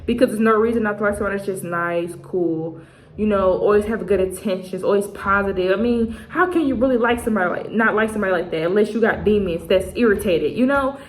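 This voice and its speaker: A woman's voice: mid-range voice, fast talker. A woman in her twenties giving a casual tarot reading to her viewers, chatty and full of slang, often acting out what other people say. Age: 20s. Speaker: tarot reader. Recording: echoey room with faint noise.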